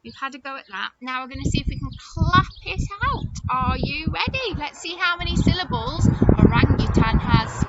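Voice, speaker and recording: A woman teacher leading an early-years phonics lesson, speaking slowly and encouragingly as she says words clearly and claps out their syllables. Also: high-pitched, lively intonation. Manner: slow, sing-song, encouraging, clapping out syllables. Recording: dull lo-fi sound with loud noise.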